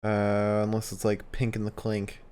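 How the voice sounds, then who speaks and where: A man hosting a podcast with a very deep voice. His tone is smooth and resonant as he chats casually and swears now and then. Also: monotone, normal speed, darkish tone. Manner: casual, swearing, reads listener questions. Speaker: podcast host. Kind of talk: casual chat.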